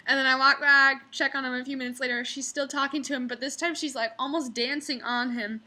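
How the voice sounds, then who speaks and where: Young woman server venting to camera, bright voice, mocking impressions of diners. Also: high voice, steady tone, fast, hardly any pauses. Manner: ranting, mocking customers in exaggerated voices. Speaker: restaurant server. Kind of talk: casual storytelling vlog.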